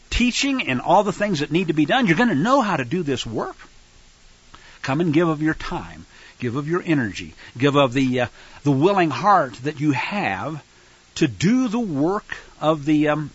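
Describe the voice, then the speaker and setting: Husky, high-voiced, sarcastic male preacher. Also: pushed and bright, no room sound, highs cut off. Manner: emphatic, sarcastic, digressive. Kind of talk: sermon-style commentary.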